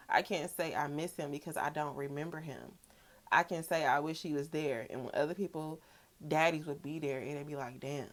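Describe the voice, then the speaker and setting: A young woman speaks straight to camera in a personal vlog. Her talk is candid and emotional. She swears freely and circles back over the same phrases. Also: deep voice. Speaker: vlogger.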